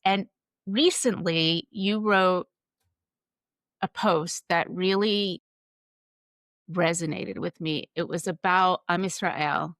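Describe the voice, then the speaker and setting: A woman's voice: fairly low pitch, steady tone, slow pace, pauses often, a bit bright, no room sound. A woman hosting a live interview show, introducing her guest and asking questions in earnest, thoughtful phrases. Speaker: podcast host.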